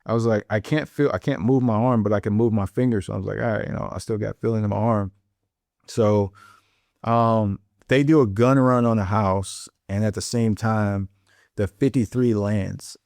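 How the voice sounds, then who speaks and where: A man's voice: lowish voice, fairly even intonation, moderate pace, vocal fry, darkish tone, dry recording, studio quality. A middle-aged man from St. Louis, a Marine veteran, telling a war story bluntly, with plenty of profanity. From St. Louis, USA. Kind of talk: storytelling in an interview.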